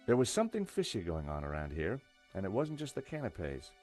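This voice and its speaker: A man's voice: low-pitched, wildly swooping pitch, brisk, a little mellow, faint music behind. An actor playing a male adventure game hero who narrates his story in a dry, wry way.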